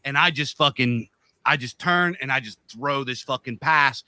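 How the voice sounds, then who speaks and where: A man's voice: medium pitch, normal speed, sharp tone, no room sound. A man co-hosting a podcast, telling a long story in a loose, profane, rambling way. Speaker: podcast co-host.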